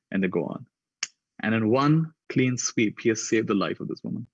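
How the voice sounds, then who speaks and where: A man with a low voice tells reflective stories to a conference audience. He lifts his pitch to act out the people in his stories. The recording is dry and a little dull. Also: brisk, husky, dry recording. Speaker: conference speaker. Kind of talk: reflective storytelling talk.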